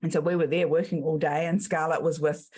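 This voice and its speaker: A woman's voice: low voice, flat delivery, brisk, darkish tone, husky. A middle-aged woman with a New Zealand accent, a business coach guest who tells her story casually and acts out the quotes in it.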